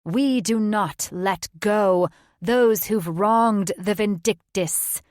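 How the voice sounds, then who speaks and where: A woman voicing a coven of stern elder witch sisters, speaking slowly and forcefully with a cold, menacing edge. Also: medium pitch, no room sound, studio quality.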